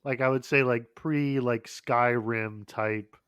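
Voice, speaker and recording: A man's voice: mid-range voice, steady tone, takes it slowly, a bit bright, smooth, no room sound, studio quality. A man co-hosting a podcast in casual chat, talking in long rambling runs with frequent fillers, restarts and swearing. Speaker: podcast co-host.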